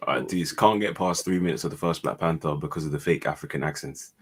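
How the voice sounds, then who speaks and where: A man's voice: very deep voice, fast talker, husky. A man co-hosting a podcast who chimes in with short reactions and laughs often. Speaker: podcast co-host. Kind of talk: casual group chat.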